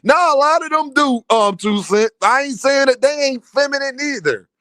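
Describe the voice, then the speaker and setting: A man's voice: very high voice, lively intonation, normal speed, fairly bright tone, no echo. A man hosting a livestream, teasing and trash-talking chat members with frequent laughter. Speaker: livestream host. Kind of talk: casual livestream banter.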